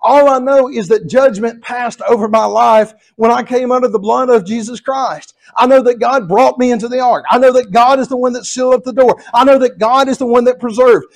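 A man's voice: extremely high pitch, steady tone, a little fast, vocal fry, few pauses. A male pastor with a Southern US accent, preaching an expository sermon in an earnest, repetitive cadence.

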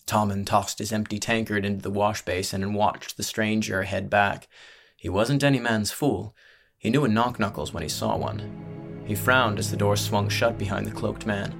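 A man narrating a fantasy audiobook in a measured, steady storytelling manner. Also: lowish voice, gravelly, soft background music.

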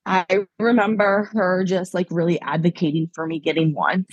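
A woman's voice: lowish voice, steady tone, normal speed, breathy edge, no echo, lo-fi sound. A young woman from Pennsylvania, a podcast guest, telling a personal story in a chatty way, laughing often and acting out past conversations. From Pennsylvania, USA. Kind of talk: casual storytelling interview.

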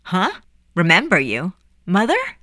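A woman's voice: on the low side, wildly swooping pitch, drawn-out words, no echo, studio quality, exaggerated voice. A woman voicing a terrified young boy who is sobbing and pleading, in a storybook reading. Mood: confused.

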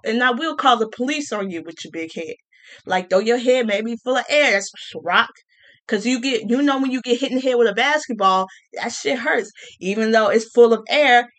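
A woman with a fairly high voice vents to her viewers in a loose, casual rant. She talks sassily and animatedly, restarts often and repeats words, and slips into mocking voices to quote others. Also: a bit bright. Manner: colloquial, with many restarts and repeats. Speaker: vlogger.

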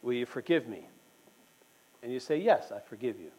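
Fresh from having a tooth pulled, a church speaker delivers an earnest, conversational sermon at a meeting, putting questions straight to his listeners. His medium-pitched voice is warm and sing-song at a normal speed, though the audio is poor.

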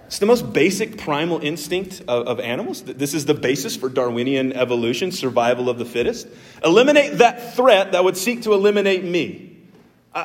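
A man preaching a sermon as a pastor, earnest and animated, with emphatic jumps in his voice. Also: a little high. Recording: long hall reverb.

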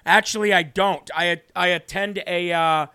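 A man hosting a livestream Bible teaching, reading scripture slowly and speaking earnestly with emphasis. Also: high voice, steady tone, sharp tone, smooth. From northern United States. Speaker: host and preacher.

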